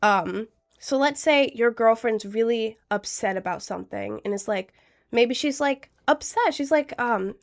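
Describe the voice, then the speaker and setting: A woman's voice: fairly high pitch, unhurried, creaky. A young adult woman streamer, chatting casually and earnestly giving relationship advice to her chat, with lots of fillers.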